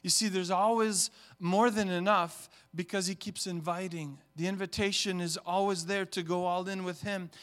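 A man with a high, smooth, resonant voice preaches a sermon to his church. He swells into loud, emphatic peaks and slips into little voices when he tells family stories. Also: fairly even intonation, moderate pace, hardly any pauses. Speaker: pastor.

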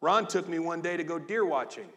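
A man in his fifties, a pastor giving a lively, joking, conversational sermon in a church. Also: fairly high pitch, fairly quick. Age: 50s. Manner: animated, joking, conversational preaching. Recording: long echo of a large hall.

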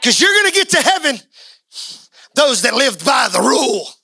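A male pastor delivering an impassioned sermon, swinging from quiet talk to shouting. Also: very high voice, sing-song, moderate pace, creaky, breathy edge, rough recording.

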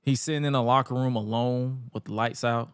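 A man co-hosting a podcast, telling stories in animated, joking casual chat. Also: mid-range voice, brisk, clear, resonant tone. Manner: animated, joking storytelling with acted quotes. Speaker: podcast co-host. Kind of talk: casual chat recapping wrestling.

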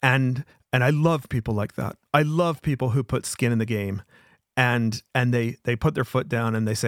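A man's voice: mid-range voice, steady tone, normal speed, dry recording. Man, show host, earnest solo monologue, mid-range voice, dry room. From American South. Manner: earnest, emphatic, repeats himself. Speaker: podcast host.

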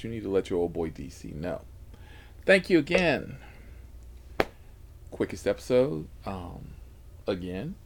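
In a lowish, creaky voice, a rideshare driver and channel host casually tells the camera stories from driving for a ride service. He swears freely and laughs, now and then dropping into whispered asides.

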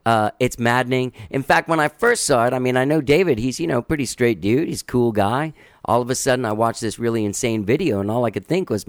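A male podcast host talks in a loose, rambling monologue, drifting into a laid-back drawl and restarting his sentences. His mid-pitched voice sits close to the mic in a dry, dead room with no echo. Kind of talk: casual monologue introducing a guest.

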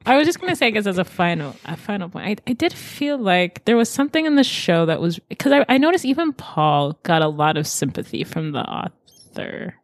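A woman's voice: lowish voice, sing-song, a little fast, no room sound. A woman co-hosting a casual discussion podcast, talking in an earnest, reflective way with casual slang. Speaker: podcast co-host discussing a TV show.

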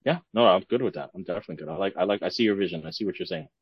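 A man's voice: low-pitched, rapid-fire, husky, dry recording. A man co-hosting a podcast in casual chat, agreeable and often repeating his words. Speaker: podcast co-host. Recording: dull lo-fi sound.

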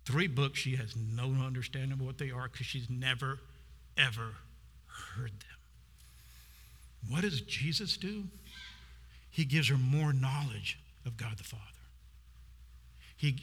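A man's voice: mid-range voice, a bit bright. A man preaching a sermon, retelling a scripture story and acting out its people. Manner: storytelling, acts out the woman's voice. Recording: long hall reverb.

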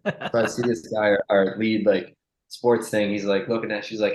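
A young adult man, a strength coach, telling a profane, animated story in casual chat and acting out the people he quotes. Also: lowish voice, moderate pace, echoey room, low-quality recording.

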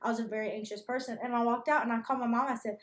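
Young woman, college student, chatty, laughs a lot, bright higher voice, echoey room. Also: racing. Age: young adult. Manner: animated storyteller, laughs often. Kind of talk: casual podcast chat.

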